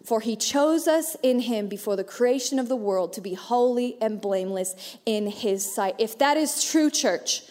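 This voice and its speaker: A woman's voice: on the high side, a little slow. A woman in her thirties preaching a sermon in a church auditorium, playful and joking with the congregation. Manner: playful, joking, animated asides. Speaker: pastor. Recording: reverberant church hall.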